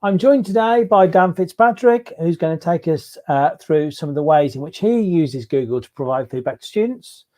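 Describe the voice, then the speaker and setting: A man hosting an online teaching webinar, introducing his guest in a relaxed, informal way over a video call. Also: fairly high pitch, normal speed, hardly any pauses. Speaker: webinar host.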